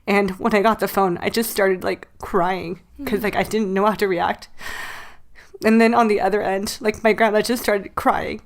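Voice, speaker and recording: A woman's voice: mid-range voice, fairly even intonation, moderate pace. A woman in her late twenties, a podcast co-host, telling a personal story while crying, talking loosely with many fillers. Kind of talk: casual chat.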